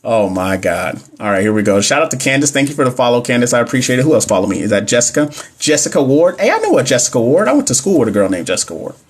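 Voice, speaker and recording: A man's voice: mid-range voice, very animated, racing, hardly any pauses, breathy edge. A young man, teaching nursing exam questions on a casual livestream and answering viewers' comments as he goes. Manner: chatty, reads questions aloud, talks back to viewer comments. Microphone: phone or webcam mic.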